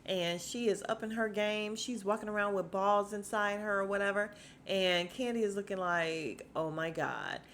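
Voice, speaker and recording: A woman's voice: mid-range voice, steady tone, normal speed, a bit bright, a little hiss or hum. A young adult woman hosting a podcast, recapping a reality TV episode in a chatty, slangy way and calling her listeners "y'all". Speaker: podcast host.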